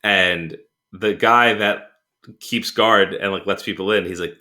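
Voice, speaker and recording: Man, podcast co-host, low voice, bright forceful tone, rambling casual chat. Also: steady tone, moderate pace. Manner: rambling, many fillers and restarts, laughs while retelling scenes.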